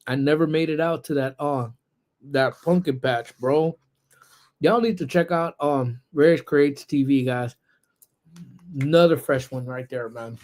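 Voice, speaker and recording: A young man hosting a casual livestream from a laptop, chatting with viewers in relaxed slang. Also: fairly high pitch. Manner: laid-back, slangy, greets chat viewers. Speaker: livestream host. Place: indoors at work.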